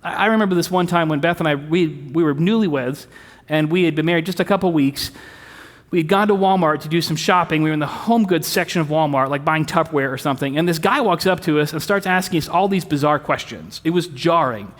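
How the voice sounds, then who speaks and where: A man's voice: fairly high pitch, quick pace. A man preaching a sermon as pastor, in a conversational way with rhetorical questions, recorded in a church sanctuary. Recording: long reverb of a sanctuary.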